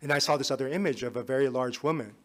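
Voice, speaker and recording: A man speaking at a conference, telling a personal story in a relaxed, conversational way. His voice sits at an ordinary middle pitch. Now and then it drops to a quiet, confiding tone. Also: racing. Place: conference hall.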